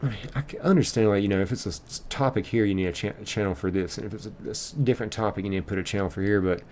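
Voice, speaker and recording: Low-voiced rambling streamer man. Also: racing, darkish tone, slight background noise. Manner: rambling, reads and answers chat. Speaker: live streamer. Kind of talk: casual chat while gaming.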